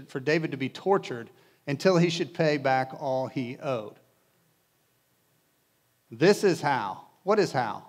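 A male pastor preaching to a congregation in a conversational way, with casual asides and humor. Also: on the high side. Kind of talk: sermon. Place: church in front of a congregation.

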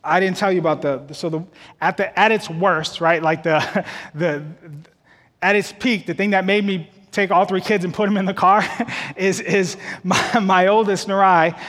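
A man's voice: high voice, fairly even intonation, normal speed, fairly bright tone, long reverb tail. A man preaching a sermon as pastor of a church, repeating words as he builds toward emphatic peaks.

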